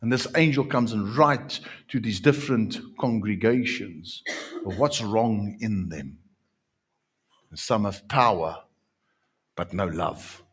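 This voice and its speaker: A male pastor delivers a sermon in a lowish, slightly husky voice, taking his time and drawing words out. He repeats words for emphasis and swings between hushed and forceful passages.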